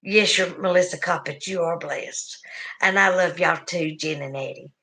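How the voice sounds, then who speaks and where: Bright-voiced Southern woman chatting live. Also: fairly low pitch, normal speed. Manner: chatty, reads viewer comments aloud, laughs often. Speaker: livestream host. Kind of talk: casual livestream chat.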